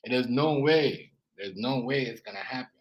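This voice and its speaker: A man's voice: mid-range voice, normal speed, dull audio. A man with a Jamaican accent chatting casually on a live stream, rambling and repeating himself as he greets viewers.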